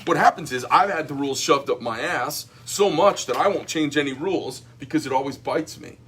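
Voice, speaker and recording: A man's voice: a little high, brisk, slight background noise. A middle-aged man who owns a knife company, reading customer emails aloud and commenting bluntly in casual chat. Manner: blunt, rambling, animated asides.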